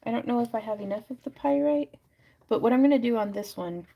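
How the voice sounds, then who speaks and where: A woman's voice: on the high side, fast talker, gravelly, mellow. A woman hosting a crafting livestream from her craft room, chatting casually and thinking aloud with lots of fillers as she works. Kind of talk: casual chat while crafting.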